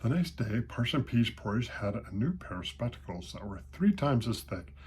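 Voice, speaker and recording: An older man reading a children's picture book aloud to his grandchildren, slow and gentle. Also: mid-range voice, sing-song.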